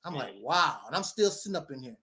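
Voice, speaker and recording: A guest sharing his story, this man tells something personal in casual conversation, rambling and repeating his phrases. His voice is a little high and animated, and he races along.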